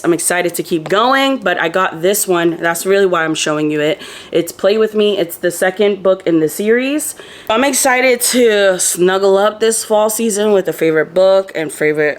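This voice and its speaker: A young woman from Florida chatting casually to her viewers as she shows off a haul of finds. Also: lowish voice. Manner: chatty, animated, talks to viewers directly. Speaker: lifestyle vlogger.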